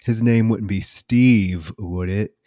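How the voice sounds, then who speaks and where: A man's voice: fairly low pitch, takes it slowly, dark tone, no room sound, clean studio sound. A man voicing a masked male killer who taunts and threatens a victim over the phone. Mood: taunting.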